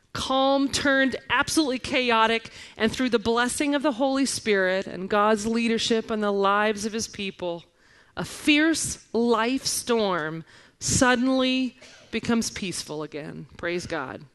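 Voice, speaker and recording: A woman in her forties preaching a sermon, telling stories and reading scripture with lively expression. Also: a little high, measured pace, clean tone. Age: 40s. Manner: animated storytelling, reading scripture aloud. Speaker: guest preacher.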